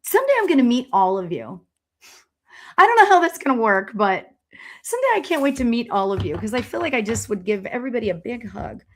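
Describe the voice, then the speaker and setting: A woman spiritual medium doing a live stream tarot reading. She talks in a gushing, chatty way with many laughs and excited exclamations. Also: fairly high pitch, fast. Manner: chatty and rambling, with fillers and restarts.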